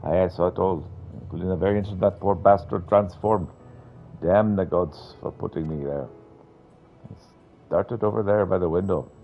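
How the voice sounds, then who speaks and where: A man voicing a gruff, shaken male tradesman who bluntly recounts a horror he witnessed, in a game. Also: sits low, normal speed, highs cut off, slight background noise. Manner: blunt, swears.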